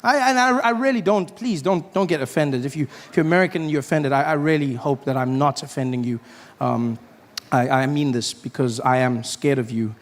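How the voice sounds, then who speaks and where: A man performing a stand-up comedy routine on a live stage, animated and storytelling, slipping into character voices. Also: a little high, brisk, long reverb tail. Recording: noisy live venue recording.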